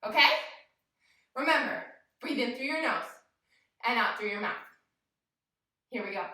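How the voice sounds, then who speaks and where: A woman's voice: fairly high pitch, animated, moderate pace, pauses often, pushed and bright, distant mic. A young woman leading a yoga class for small children, cheerful and sing-song, talking straight to the kids. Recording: echoey room, voice from off the mic.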